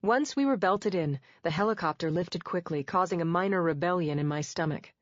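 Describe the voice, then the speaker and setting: A woman with a lowish voice narrates a first-person audiobook, measured and quietly wry. The sound is dry and a little dull, with no room around it. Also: dry recording. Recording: dull dry studio read.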